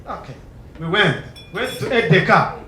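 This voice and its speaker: A man performing a stand-up comedy set on stage, acting out characters with sudden loud high shouts. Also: very animated, moderate pace, echoey room, a little hiss or hum, rough recording. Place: comedy stage before a live audience.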